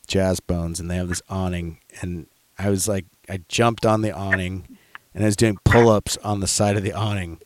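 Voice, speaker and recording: Man, lower register, close dry mic, loose profane storyteller. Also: no echo. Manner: profane, rambling, animated storyteller. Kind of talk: casual storytelling chat.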